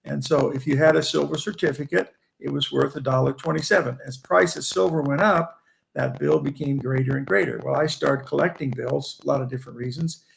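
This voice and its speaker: Gravelly old man telling old stories. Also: medium pitch, fairly even intonation, fairly quick, low-quality recording. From Indiana. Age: 80s. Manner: chuckling, restarts phrases while reminiscing. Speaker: guest, veteran trader. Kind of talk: rambling anecdotal storytelling.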